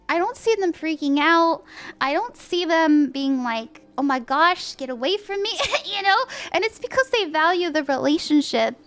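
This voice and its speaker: High-voiced chatty woman reading tarot. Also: a bit bright. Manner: chatty, upbeat, full of "like" and "you know", laughs often. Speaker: tarot reader and stream host. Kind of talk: casual livestream tarot reading.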